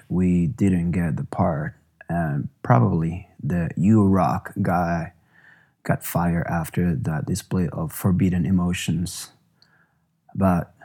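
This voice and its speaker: Deep, slow-spoken man narrating a memoir. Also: mellow, breathy edge. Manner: measured and reflective. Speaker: musician narrating his own memoir.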